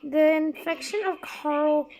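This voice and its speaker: High-pitched woman rambling to viewers. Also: fairly even intonation, takes it slowly, darkish tone. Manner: hesitant, restarts and corrects herself. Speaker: video creator. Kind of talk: rambling casual talk to viewers.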